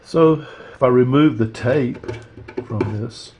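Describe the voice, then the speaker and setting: A man teaching a watercolor painting demo, talking through his steps in a relaxed, rambling way with lots of fillers. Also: medium pitch, takes it slowly, husky. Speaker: art instructor. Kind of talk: casual painting demonstration.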